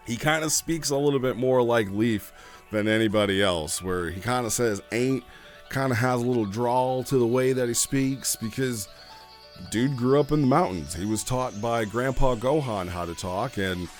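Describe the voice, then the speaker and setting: A man hosting a casual talk about roleplay writing, rambling with lots of fillers and restarts. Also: fairly low pitch. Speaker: roleplay community host.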